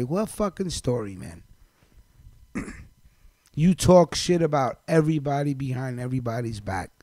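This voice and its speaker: A man's voice: a little high, dark tone, dry recording. A man hosting a live show, scolding someone directly in a blunt, profane rant. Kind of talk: ranting monologue on a live stream.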